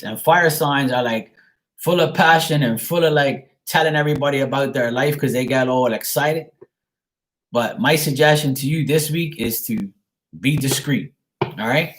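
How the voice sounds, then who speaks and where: A man giving a live-streamed tarot card reading, talking frankly and greeting his viewers by name. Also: medium pitch.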